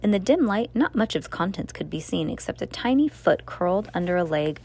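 Woman reading a dark tale aloud. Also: lowish voice, lively intonation, fairly quick. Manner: dramatic, with slips and self-corrections. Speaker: storyteller.

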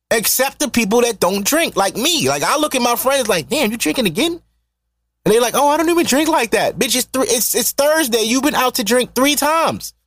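A man hosting a podcast, ranting with a lot of swearing and mockery. His voice sits a little high for a man. The sound is dry and close, with no room echo. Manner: animated, profane, mocking ranting. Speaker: podcast host. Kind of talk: solo podcast rant.

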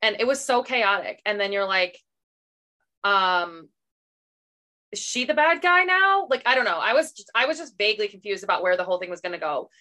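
A woman's voice: mid-range voice, lively intonation, fast, few pauses, pushed and bright. A woman co-hosting a casual book club podcast, reacting in a bemused way. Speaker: podcast co-host.

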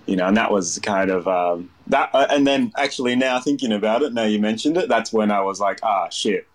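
An Australian man in his thirties tells a long story in an interview, rambling and full of fillers. His voice sits a little low. He slips into other people's voices now and then as he goes. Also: a little fast. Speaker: chef, interview guest. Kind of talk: casual storytelling.

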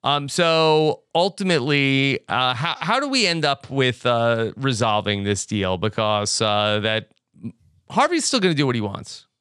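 A man hosting a podcast, recapping a show in easygoing casual chat, often pausing on fillers. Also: mid-range voice, very animated, a bit bright, smooth, no room sound, clean studio sound. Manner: easygoing, hesitant with fillers, brief backchannels. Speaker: podcast host.

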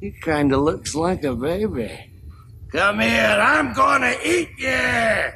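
A man putting on a loud, gluttonous fat man, bellowing threats. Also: high voice, expressive, slow pace, slight background noise, pitched above the performer's own voice, full character voice. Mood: menacing, bellowing. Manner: shouting, bellowing.

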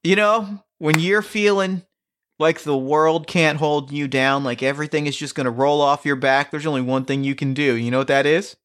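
A man co-hosting a comedy podcast in easy, playful talk, often spinning the joke into mock sales pitches. His voice is fairly high and comes across crisp and bright. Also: steady tone, moderate pace. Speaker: podcast co-host. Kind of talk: casual comedic chat.

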